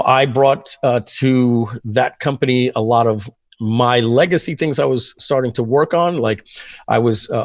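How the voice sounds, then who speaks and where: A man in his fifties, a guest telling long stories in a casual interview, rambling with many fillers and frequent throat-clearing. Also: medium pitch, dry recording. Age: 50s. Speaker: guest, software entrepreneur.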